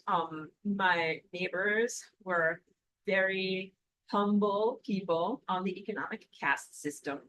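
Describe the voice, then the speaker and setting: A woman's voice: on the low side, rough recording. A young woman host telling personal anecdotes in a casual, enthusiastic livestream chat. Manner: enthusiastic, animated storytelling.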